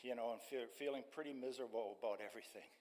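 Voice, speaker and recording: An older man stands before a church congregation and shares his testimony, pausing often and filling the gaps with ums and uhs. His voice sits at an ordinary middle pitch and carries a long reverb through the sanctuary. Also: darkish tone. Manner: halting storytelling with many fillers. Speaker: street ministry staff member. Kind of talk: personal testimony at church service.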